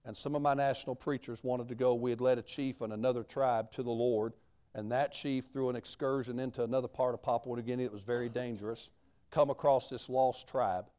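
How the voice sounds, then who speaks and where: A man's voice: medium pitch, a little mellow. Folksy missionary man preaching. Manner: folksy, plain-spoken, dialect grammar. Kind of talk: sermon testimony storytelling.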